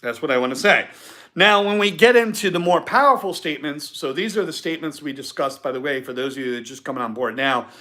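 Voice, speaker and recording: Bright-voiced man giving a motivational talk. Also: a little high, expressive, quick pace. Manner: emphatic, repeats key points, acts out example phrases. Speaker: podcast host. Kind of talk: live-stream motivational talk.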